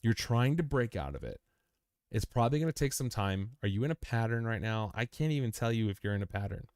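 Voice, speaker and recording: A man's voice: mid-range voice, animated, a little fast, a little mellow, smooth, no echo, clean studio sound. A young man hosting a live stream, talking casually through price charts and repeating phrases, calling listeners "man" and "dude". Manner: chatty, repeats phrases, addresses the chart as "you"; says "man", "dude" and "bro". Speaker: crypto chart analysis livestream host.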